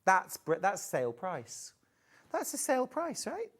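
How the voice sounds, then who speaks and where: A woman presenting a live sewing sales show, chatty and bubbly, reading out viewer messages between product pitches. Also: wildly swooping pitch, measured pace, slightly rough. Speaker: shopping channel presenter. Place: TV studio.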